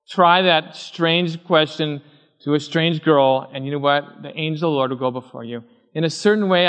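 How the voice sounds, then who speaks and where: A fairly high-voiced man preaching in a church hall. He tells a story and acts out the people in it, and his voice rings with long reverb. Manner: storytelling, acting out quoted voices. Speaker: pastor. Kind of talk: sermon with personal story.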